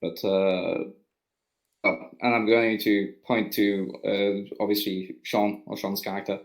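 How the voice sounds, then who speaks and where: Low-voiced man at a game table, halting and unsure. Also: little pitch movement, poor audio. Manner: hesitant, full of fillers. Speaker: player.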